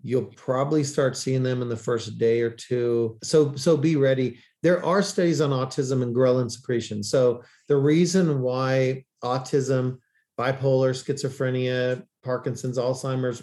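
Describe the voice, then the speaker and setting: A man's voice: medium pitch, moderate pace, warm tone. A man speaking as an interview guest in a mid-range voice. He tells stories with energy and briefly acts out the people he quotes. His tone stays casual and conversational. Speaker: guest expert.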